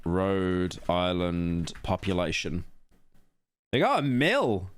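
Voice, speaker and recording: A British man streaming, reacting to a video with rambling, animated casual commentary, full of tangents and stammered restarts. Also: deep voice, slow pace, clean tone, no room sound. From England.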